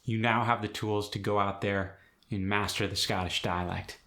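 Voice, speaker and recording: A male accent coach walks through pronunciation rules one step at a time, in a steady teaching tone. His voice sits a little lower than most men's. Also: moderate pace. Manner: clear, step-by-step instructive delivery. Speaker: accent coach and channel host. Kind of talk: instructional explanation.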